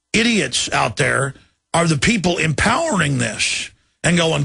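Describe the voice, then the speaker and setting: A male radio host delivering fervent, ranting political commentary that builds to shouted outrage. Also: fairly high pitch, expressive, normal speed, creaky, slightly rough, no echo, studio quality.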